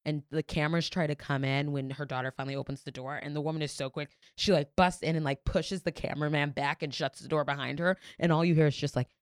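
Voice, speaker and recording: A woman's voice: low-pitched, steady tone, fast talker, few pauses, smooth, no echo, studio quality. A young woman co-hosting a casual talk show, telling a story candidly and swearing freely. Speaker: podcast co-host. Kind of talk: casual chat.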